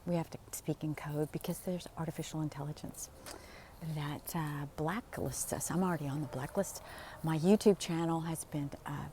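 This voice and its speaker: A woman's voice: on the low side, a little mellow, a little hiss or hum. A woman in her sixties chatting casually to a phone camera while walking outdoors in the desert, telling stories in a rambling way and acting out the people she quotes. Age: 60s. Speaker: vlogger.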